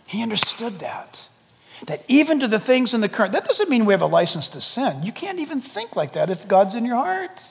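A man preaching a sermon to a congregation, dramatic and animated, jumping from loud exclamations to hushed near-whispers and acting out quoted voices. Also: very high voice, fairly quick, vocal fry, a little hiss or hum. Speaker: pastor. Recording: long hall reverb.

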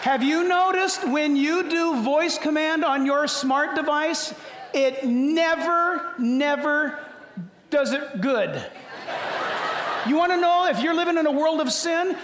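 Older male pastor, high voice, humorous and animated sermon delivery in a reverberant hall. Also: slow pace, crowd noise, noisy background. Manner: humorous, animated storytelling with sudden drops to quiet. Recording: echoey hall.

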